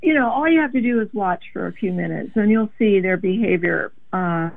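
A woman's voice: mid-range voice, vocal fry, dry recording. Earnest woman on a tinny phone line. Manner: earnest, measured, explanatory. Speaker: animal advocate guest. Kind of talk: phone interview.

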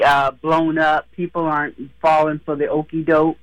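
A woman calling in to a radio talk show, outspoken and emphatic, with a hoarse morning voice over a phone line. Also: deep voice, flat delivery, measured pace, few pauses, no room sound. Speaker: caller. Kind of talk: phone-in commentary.

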